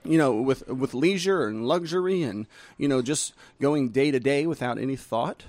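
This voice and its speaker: A man, a pastor, chatting casually on a podcast in an animated, playful way. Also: medium pitch, dry recording. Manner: animated and playful, reads quotes slowly.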